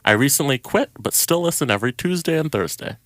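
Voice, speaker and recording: A man, the podcast's producer, reading listener messages and breaking news in a low-key way. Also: animated, fast, a bit bright, dry recording. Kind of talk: casual sports podcast chat.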